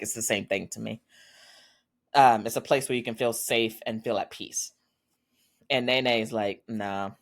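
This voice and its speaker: Woman excitedly recapping a drama. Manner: animated retelling, voices quotes in a lower flat tone, squeals when excited. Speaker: podcast host.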